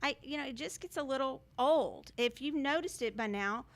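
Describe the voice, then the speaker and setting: High-voiced woman giving emphatic spiritual talk. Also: lively intonation, moderate pace, vocal fry. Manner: emphatic, sarcastic mock quotes. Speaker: spiritual video host. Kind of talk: direct-to-camera spiritual talk.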